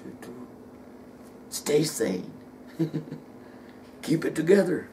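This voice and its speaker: A middle-aged man giving an emotional personal testimony, halting and repeating words, sometimes dropping almost to a whisper. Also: sits high, gravelly, a little mellow, a little hiss or hum.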